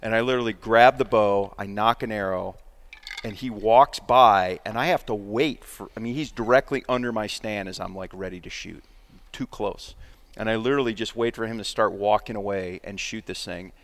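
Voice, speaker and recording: A lower-voiced man tells a hunting tale among friends on a podcast. He is frank and emphatic, with a self-mocking edge, and he leans into the key moments. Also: normal speed, a bit bright. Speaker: podcast guest, hunter. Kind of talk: casual storytelling.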